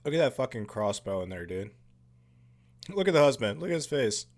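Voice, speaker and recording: A man giving casual, profane commentary over a horror film, excitable and full of jokey asides. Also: medium pitch, brisk. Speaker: movie commentary host.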